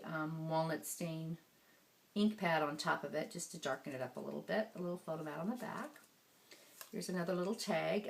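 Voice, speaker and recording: A woman crafter giving a casual show-and-tell of her handmade scrapbook album, chatty and relaxed, with frequent ums as she turns the pages. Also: lowish voice, vocal fry, a little hiss or hum.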